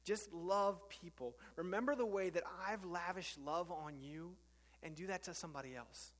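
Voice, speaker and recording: A man voicing God as a gentle, patient father, soft and reassuring. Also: high voice, normal speed, long reverb tail, natural voice.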